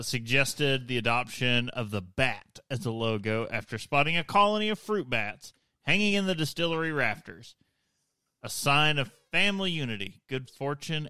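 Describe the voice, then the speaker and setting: A man with a bright, crisp voice hosts a casual podcast, reading history notes and cutting in with quick jokes and laughs. The sound is dry and close. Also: medium pitch, dry recording. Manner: laughs often, reads then jokes aside. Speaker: podcast host.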